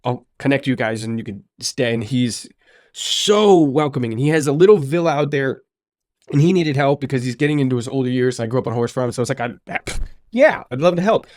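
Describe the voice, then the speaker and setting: Animated man telling stories. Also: mid-range voice, a little fast, no echo, studio quality. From United States. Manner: animated storyteller, acts out quoted speech. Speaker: podcast host. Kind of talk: conversational interview.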